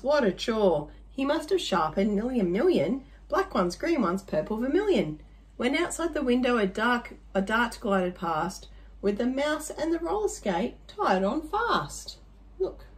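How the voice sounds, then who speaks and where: A woman's voice: medium pitch, big pitch swings, unhurried. A woman reading a rhyming picture book aloud to children, adding chatty little asides to her listeners.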